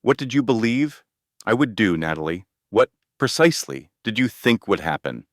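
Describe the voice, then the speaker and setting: Brief: menacing crime boss, slow and demanding, read by a man with a very low, dry voice. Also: very animated, dry recording. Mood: cold, demanding. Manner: cold, deliberate, demanding. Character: menacing wealthy male crime boss, hurt and furious.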